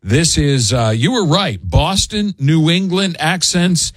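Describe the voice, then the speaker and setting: Man, radio host, lively animated voice, slightly husky, jokey, studio mic. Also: on the high side, takes it slowly, no echo. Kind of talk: casual morning radio chat.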